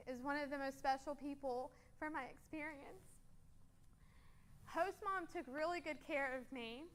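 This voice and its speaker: Young woman guest speaker, high and smooth, earnest and chatty. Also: a bit bright. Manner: earnest, casual storytelling with frequent ums. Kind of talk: personal story talk with photos. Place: church.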